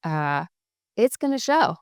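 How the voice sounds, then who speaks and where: A woman working as a couples coach, explaining in a measured and emphatic way on a podcast. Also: on the low side, very animated, clean tone, no room sound, clean studio sound.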